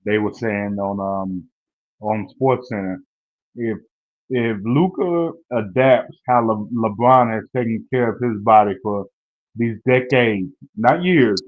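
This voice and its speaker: A man's voice: fairly low pitch, a little slow. A laid-back man co-hosting a sports talk show, easygoing and slangy. The recording sounds dull and lo-fi. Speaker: podcast co-host.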